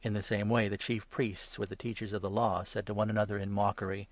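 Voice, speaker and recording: A man giving a measured, solemn scripted reading of scripture. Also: on the low side, flat delivery, no echo. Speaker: reader.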